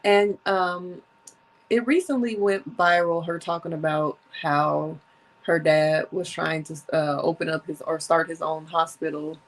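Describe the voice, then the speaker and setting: A woman's voice: low voice, fairly even intonation, a little slow, low-quality recording. A woman in her thirties hosting a solo podcast, chatting casually and reading from her notes, with a runny nose from allergies. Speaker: podcast host.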